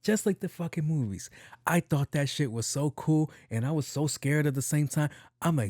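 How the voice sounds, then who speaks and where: A man hosting his own podcast, telling a story in a profane, animated way. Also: fairly high pitch, normal speed, no room sound, clean studio sound. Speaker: podcast host. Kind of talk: casual storytelling monologue.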